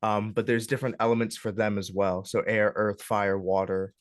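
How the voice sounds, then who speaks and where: A young man leading a club workshop in a casual, relaxed way, hesitating often with ums and uhs as he walks a group through game character options. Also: on the low side, normal speed, dry recording, studio quality. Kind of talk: casual classroom walkthrough. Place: classroom.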